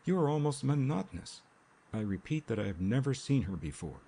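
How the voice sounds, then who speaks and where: A man voicing a baffled young gentleman who speaks with ironic, indignant precision. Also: medium pitch, sing-song, brisk, creaky, a little hiss or hum, pitched above the performer's own voice.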